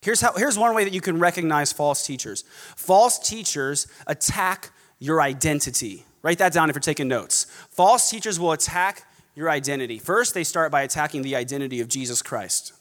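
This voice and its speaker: A man preaching a sermon, animated, mocking snobby voices now and then. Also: fairly high pitch, normal speed, long reverb tail. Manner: animated, mocks snobby voices in quoted asides. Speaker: pastor.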